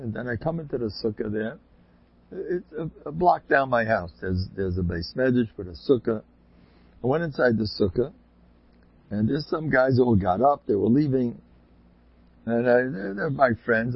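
A man with a rough, gravelly, husky voice tells long rambling anecdotes and breaks into emphatic bursts. The sound is dry and close. It is a dull, lo-fi recording. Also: medium pitch, animated, normal speed. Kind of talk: casual spoken anecdotes.

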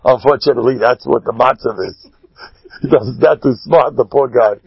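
Giving a lively Torah talk in the role of a rabbi, a man alternates between loud exclamations and quiet asides, always emphatic. His voice is gravelly and husky at a normal speed. There's no echo, and the highs are cut off.

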